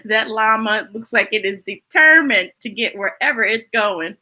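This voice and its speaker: Reading picture books to children, this American storytime reader has a high voice full of big swoops and an unhurried pace. She is animated, laughs a lot, and makes chatty asides to her young audience.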